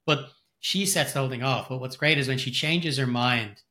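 A man's voice: medium pitch, normal speed, bright, forceful tone. A man co-hosting a podcast, chatting casually and enthusiastically about a film, rambling with frequent restarts. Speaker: podcast co-host.

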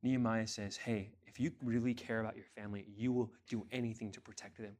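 A man preaching a sermon as pastor, asking the congregation rhetorical questions and building to forceful emphatic peaks. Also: on the low side, fairly even intonation, brisk. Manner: emphatic, rising to forceful climaxes.

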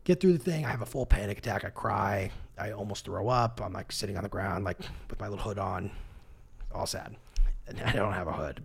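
A man co-hosting a podcast, telling a story in a casual, animated, self-deprecating way and laughing often. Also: lowish voice, creaky. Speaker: podcast co-host. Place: podcast studio.

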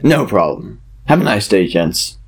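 A man's voice: lowish voice, big pitch swings, measured pace, gravelly, breathy edge, full character voice. A man doing a burly Australian-sounding dwarf smith. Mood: salesy. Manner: wheedling merchant patter. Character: burly male dwarf blacksmith, salesy and cheerful.

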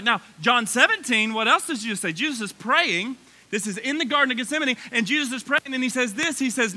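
Pastor, man, 30s: folksy, animated sermon delivery in a sanctuary, high bright voice with lots of swing. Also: fast talker. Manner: animated, folksy preaching with rising excitement. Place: church sanctuary.

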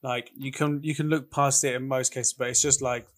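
A man's voice: medium pitch, level tone, normal speed. A man with an English accent co-hosting a casual film podcast, rambling and restarting his sentences. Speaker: podcast co-host.

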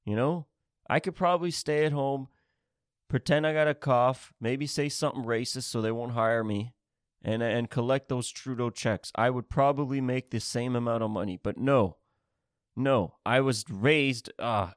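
A man's voice: mid-range voice, normal speed, dry recording, studio quality. A man ranting casually on a podcast, swearing a lot and jumping from one topic to the next. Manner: rambling, swearing, restless, jumps between topics. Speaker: podcast host. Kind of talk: profane comedic rant.

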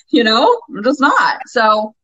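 A woman in her forties speaks with a bright, forceful voice. She is emphatic and swears freely as she coaches. The recording is dry, with no room sound. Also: medium pitch, no echo, dull audio. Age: 40s. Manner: emphatic, profane, passionate. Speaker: guest, anger-work coach. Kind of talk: podcast interview.

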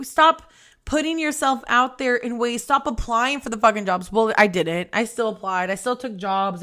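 A young adult woman hosting a podcast, telling a personal story in a candid, profane, animated way. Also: on the high side. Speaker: podcast host.

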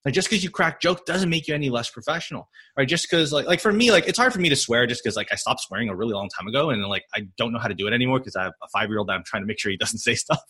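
Forceful husky man with a non-native lilt. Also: medium pitch. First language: not English. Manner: animated, many fillers and restarts, quick to laugh. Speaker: physical therapist guest. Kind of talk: casual podcast chat.

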